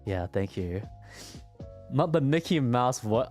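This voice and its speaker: A man's voice: medium pitch, animated, unhurried, darkish tone, soft background music. A man streaming and chatting casually with his viewers, stuttering and repeating words as he talks.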